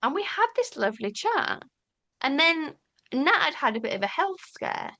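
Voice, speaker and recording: A woman talking candidly as an interview guest, animated and storytelling, casually swearing and acting out quoted dialogue. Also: high voice, moderate pace. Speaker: podcast guest.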